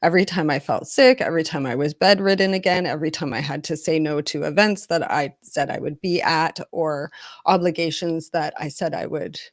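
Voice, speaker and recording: A woman's voice: sits low, brisk, dry recording. A woman who works as an intimacy coach, talking candidly and earnestly in a personal vlog, with frequent restarts and close to tears at times.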